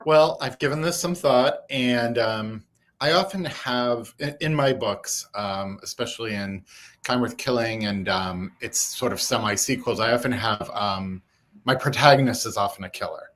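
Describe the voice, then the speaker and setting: An author appears as a guest on an interview show, speaking in a mid-range, slightly bright voice at normal speed. The chat is casual, and his manner is thoughtful and explanatory.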